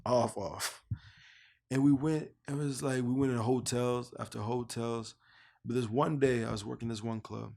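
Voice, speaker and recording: A young man from Canada telling his own life story in a casual, lively way, acting out the remembered dialogue. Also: moderate pace, vocal fry, a little hiss or hum. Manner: animated storyteller who acts out both sides of remembered dialogue in a higher voice. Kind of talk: casual personal testimony.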